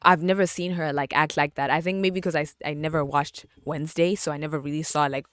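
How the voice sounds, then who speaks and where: A young woman talks through her solo podcast in a bubbly, chatty way, laughing easily and doubling up words for emphasis. Her voice sits a little low for a woman. The sound is dry and close, with no room around it. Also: steady tone, fast talker, no room sound. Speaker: podcast host. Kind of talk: casual solo podcast chat.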